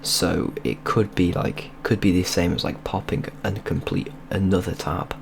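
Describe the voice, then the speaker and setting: A man's voice: low voice, steady tone, unhurried, vocal fry, slight background noise. A young man, telling a rambling, sweary story in casual vlog style over gameplay. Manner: rambling, sweary and loose, with many restarts. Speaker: video creator.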